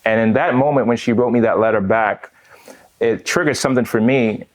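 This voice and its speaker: Man, casual interview storytelling, animated, laughs at his own memories, keeps saying "man". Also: medium pitch, fairly quick. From United States. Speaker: veteran guest.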